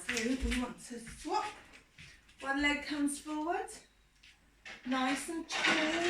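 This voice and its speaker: A woman with an English accent, a primary school teacher, gently guiding children through a yoga lesson with slow, step-by-step instructions. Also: sits high. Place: indoor room. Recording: roomy, distant mic, faint noise.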